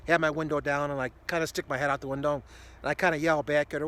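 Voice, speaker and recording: A man's voice: fairly high pitch, little pitch movement, fast talker, fairly bright tone. A man in his sixties telling a rambling everyday story to camera, with many fillers and restarts. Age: 60s. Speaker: ministry video host.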